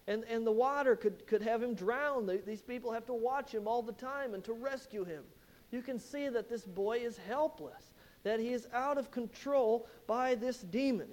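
A man's voice: very high-pitched, darkish tone. A man preaching an expository sermon, retelling a Bible passage with emphatic storytelling and rhetorical questions.

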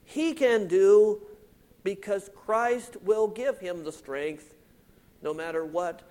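A man preaching a sermon, slow and deliberate, stressing key words and letting phrase ends fall quiet. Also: high-pitched. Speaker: pastor.

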